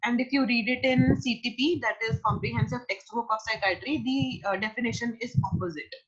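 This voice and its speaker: Woman lecturing, husky voice. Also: fairly high pitch, a little fast, fairly bright tone, highs cut off. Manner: explanatory, repeats key terms, mixes in Hindi phrases. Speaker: psychology lecturer. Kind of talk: online lecture.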